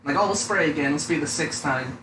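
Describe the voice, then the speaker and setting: A man's voice: on the high side, fast, bright, forceful tone. A young man chatting casually as a podcast co-host, rambling and swearing a lot, often saying "dude". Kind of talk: casual profane chat. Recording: echoey room with faint noise.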